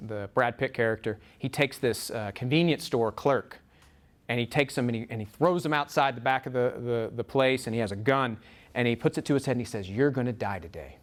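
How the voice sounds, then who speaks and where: A man preaching a sermon, telling a story with frequent restarts and repeated words, his pitch rising on emphasized words. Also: normal speed, a bit bright.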